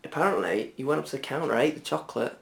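A man's voice: mid-range voice, expressive, racing, gravelly, fairly bright tone. A man co-hosting a comedy podcast, giggling and rambling through odd news stories. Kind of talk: casual comedic banter.

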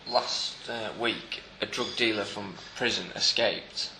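Deadpan man telling a story. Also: on the low side, takes it slowly, crowd noise. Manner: deadpan, acts out characters in his stories. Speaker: podcast co-host. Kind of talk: casual comedy chat, storytelling. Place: busy coffee shop. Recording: echoey cafe with clear background noise.

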